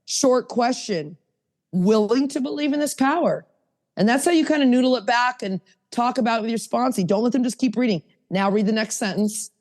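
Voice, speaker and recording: A woman teaching a sponsorship workshop over a video call, talking in a lively, chatty, coaxing way. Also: a little high, brisk.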